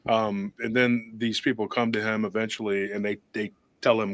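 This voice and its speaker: A man's voice: fairly low pitch, level tone, normal speed, no room sound. A man hosting a paranormal talk show, telling a long story in a rambling, casual way with many restarts and acted-out quotes. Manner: rambling, restarts often, acts out quoted voices.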